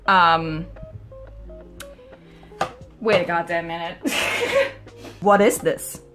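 A young woman vlogging a casual unboxing at home, excitable and chatty, quick to laugh and to squeal in frustration. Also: on the low side, over music. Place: at home, washing machine running.

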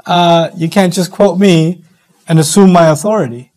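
Man, middle-aged, sermon lecture, high-pitched, animated delivery. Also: normal speed, low-quality recording. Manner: animated, acts out quoted voices, quotes Arabic text. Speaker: Islamic speaker.

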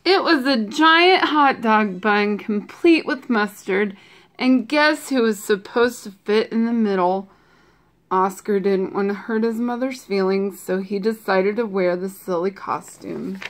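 A woman reads a picture book aloud in a gentle, expressive voice, stopping for playful asides. She takes her time, letting each line land slowly for young listeners. Her pitch sits comfortably in the middle. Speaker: storybook reader. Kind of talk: children's book read-aloud.

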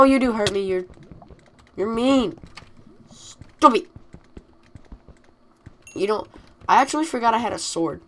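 Slow-talking woman chatting over a game. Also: medium pitch, slight background noise. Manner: chatty, scolds the game and mobs, excitable outbursts. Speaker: gamer. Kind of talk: let's play commentary.

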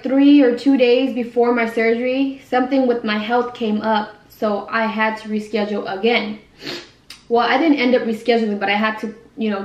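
Young woman rambling to camera over food, pretty flat voice, echoey room at home. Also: medium pitch. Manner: rambling, self-correcting, says she talks fast. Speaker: vlogger. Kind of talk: casual mukbang chat.

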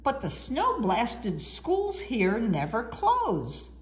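A woman's voice: on the high side, wildly swooping pitch, very slow, exaggerated voice. A woman voicing a blustery, folksy man ski resort owner in a storybook reading. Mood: gruff.

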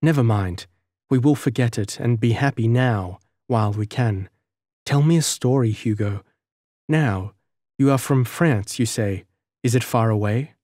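Man doing a young storybook girl, soft, earnest, wistful, sorrowful, dry close recording. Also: mid-range voice, measured pace, no echo, lightly acted. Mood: hopeful. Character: young village girl, gentle, sorrowful and shunned. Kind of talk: audiobook character reading.

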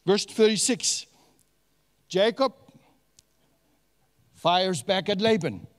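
A man preaching a sermon as a pastor, animated and questioning his congregation, with many fillers and restarts. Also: high voice, takes it slowly, in a large hall.

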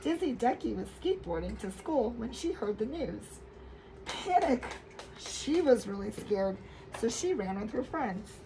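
Expressive woman reading a children's story. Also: a little high, moderate pace, gravelly, slight background noise, rough recording. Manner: expressive, with loud dramatic outbursts. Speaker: camp storyteller.

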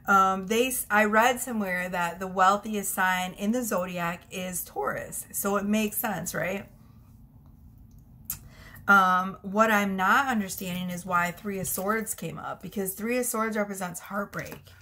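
A young tarot reader at home talks a little slowly in a medium-pitched, steady voice that sounds pushed and bright. She chats casually, keeps giggling, and cuts herself off.

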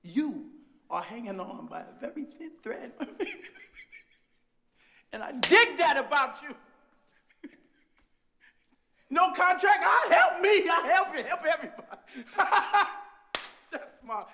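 An actor playing a brash, swaggering male football player who teases loudly, laughs, and hypes his agent, in a film scene. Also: very high voice, very animated, takes it slowly, long pauses, a little hiss or hum, exaggerated voice. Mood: teasing. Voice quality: loud, laughing, teasing. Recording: film audio over clear music.

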